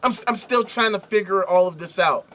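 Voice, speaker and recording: A man's voice: high-pitched, moderate pace, noisy background. A man hosting a podcast, reading a news article aloud and swearing his way through sarcastic commentary on it. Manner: animated, sarcastic, swears heavily. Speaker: podcast host.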